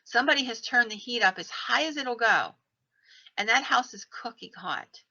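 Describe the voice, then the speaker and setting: Woman, podcast host, casual ghost-story telling, bright voice, slightly dull lo-fi sound. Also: on the high side, moderate pace. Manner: animated retelling, acts out quoted lines in her own voice.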